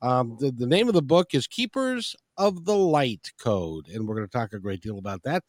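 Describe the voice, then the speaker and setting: A man's voice: mid-range voice, big pitch swings, moderate pace, darkish tone, no room sound, clean studio sound. A man hosting a radio talk show, chatting loosely with many restarts and fillers. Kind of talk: casual interview.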